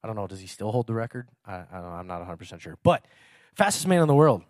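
Lively, chatty male preacher. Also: on the low side, very fast, no room sound, clean studio sound. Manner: chatty, self-mocking, laughs often. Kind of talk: casual sermon.

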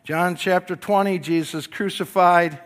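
A middle-aged man preaching a sermon, telling the story with animated delivery that swings from loud to hushed and acting out voices. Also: high voice, moderate pace. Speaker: pastor.

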